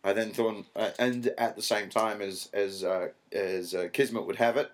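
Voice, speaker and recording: A middle-aged comedian with a fairly low voice spins a rambling anecdote in a relaxed interview. He swears freely, backtracks mid-sentence and slips into the voices of the people in his story. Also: normal speed. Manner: rambling, animated, swears freely, acts out quotes. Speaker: stand-up comedian guest.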